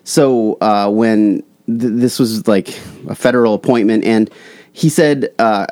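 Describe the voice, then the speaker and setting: Animated man on a dry-sounding podcast. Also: on the low side, unhurried, no echo. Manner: animated, laughs often while telling stories. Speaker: podcast co-host. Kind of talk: casual podcast chat.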